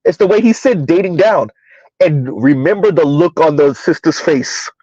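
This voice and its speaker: Guy ranting on his channel, kinda high voice, rambly, keeps going huh?, dull dry lo-fi audio. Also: expressive, moderate pace, warm tone, no room sound. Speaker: commentary vlogger. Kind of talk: opinionated casual commentary.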